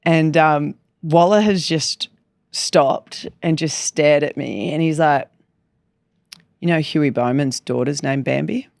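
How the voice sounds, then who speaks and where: A woman hosting a podcast, telling stories in a lively, self-deprecating way and acting out what people said. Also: deep voice, slow pace, creaky, dry recording, studio quality. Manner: animated, self-deprecating, acts out quotes. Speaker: podcast host. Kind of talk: casual chat, storytelling.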